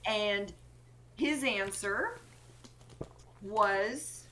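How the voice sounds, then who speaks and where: Bright-voiced woman coach explaining. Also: medium pitch, unhurried. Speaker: co-parenting coach, guest. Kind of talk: conversational interview.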